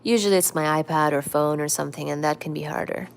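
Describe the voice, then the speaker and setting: Streaming from home through her laptop microphone, this Indian woman chats away, reads out viewer comments and coos to her cat. She talks fast in a deep voice with vocal fry, over slight background noise.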